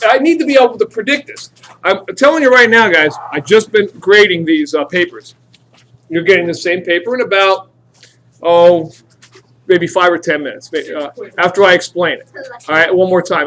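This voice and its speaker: A man's voice: sits high, a little hiss or hum. A man teaching a chemistry class, lecturing and joking with students during a demonstration in a classroom. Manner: animated, joking, talks to students directly.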